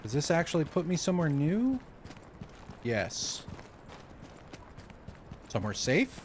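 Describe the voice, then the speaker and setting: A man's voice: on the high side, wildly swooping pitch, a little slow, slight background noise. A man from the Southern United States streaming a video game and chatting casually, exclaiming at the game and often restarting his sentences. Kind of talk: casual gaming stream chat.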